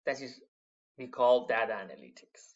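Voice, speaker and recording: A man giving a university lecture to his students, halting with many fillers, stressing key words and calling the class "my friends". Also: mid-range voice. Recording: dull lo-fi lecture recording.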